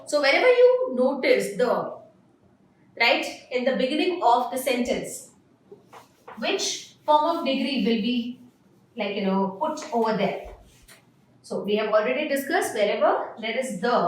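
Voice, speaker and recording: A woman's voice: fairly high pitch, fairly bright tone. Woman teaching grammar in an echoey room. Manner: explanatory, repeats "right?" to check understanding. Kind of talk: online grammar lesson. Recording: very echoey room, mic at a distance, faint noise.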